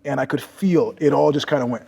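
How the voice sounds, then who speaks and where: A middle-aged man, a podcast guest, telling stories in a husky voice, swinging from loud bursts to hushed asides. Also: on the high side, fairly quick, background noise. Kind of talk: storytelling in casual conversation. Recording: long reverb.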